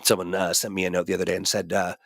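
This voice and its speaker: A man hosting a relaxed livestream, talking in a fairly low voice that wanders through fillers and restarts. He is getting over a cold, and the sound is close and dry, with no room around it. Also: very fast, creaky, no room sound. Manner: rambling, full of fillers and restarts. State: recovering from a cold. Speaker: host. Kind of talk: casual livestream chat.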